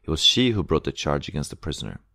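A vengeful woman informer, as a man reads her in a storybook, confiding and sly. The voice stays very deep and dry. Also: big pitch swings, quick pace, gravelly, pushed and bright, no echo, heavily acted.

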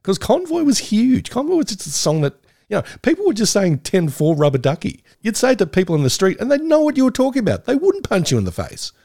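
Casting: middle-aged man, gravelly voice with a lot of lift, eager giggly rambler. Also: high voice, huge pitch swings, quick pace, few pauses, a little mellow, no room sound, clean studio sound. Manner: enthusiastic, giggly, nostalgic rambling. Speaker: podcast co-host. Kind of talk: casual chat.

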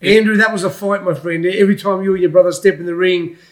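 A high-voiced Australian man in his sixties talks bluntly and loosely in a casual interview. He rambles from point to point and calls everyone "mate". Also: steady tone, fast. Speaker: former boxer, guest pundit.

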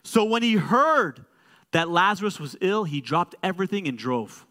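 Animated high-voiced male pastor preaching. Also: moderate pace. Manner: animated, joking and conversational, swinging from quiet asides to loud exclaims. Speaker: co-lead pastor. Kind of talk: sermon. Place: church.

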